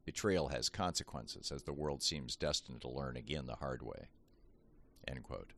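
A man, a commentator, reading his own political essay aloud in a measured, emphatic way with pointed asides. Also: extremely low pitch, fairly bright tone.

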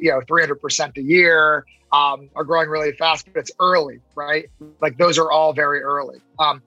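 A man with a bright, forceful and slightly husky voice talks in a lively interview. He moves fast, acting out quoted voices along the way. His voice sounds dry and close, with faint music behind it. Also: a little high, no echo, poor audio. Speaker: investor and podcast guest. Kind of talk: casual interview talk.

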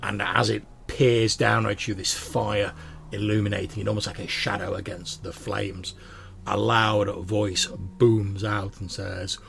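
A man's voice: lowish voice, level tone, unhurried, creaky, a bit bright, a little hiss or hum. A man narrating as game master of a tabletop game, descriptive and loose, with frequent fillers.

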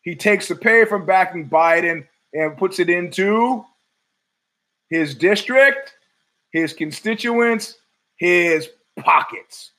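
A man's voice: sits high, takes it slowly, bright, forceful tone, poor audio. Profane, sardonic man ranting solo. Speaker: podcast host. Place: home.

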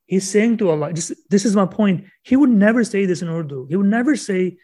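A man, a guest author on a podcast interview, explaining poetry earnestly and reading verse aloud slowly, often repeating words as he thinks. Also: high-pitched, expressive, darkish tone.

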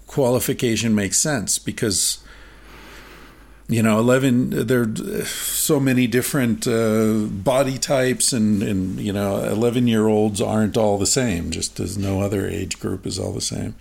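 A male interviewer with a lowish, gravelly voice full of vocal fry. He speaks in a measured, thoughtful way as he asks his guest questions in relaxed conversation. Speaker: podcast host, interviewer.

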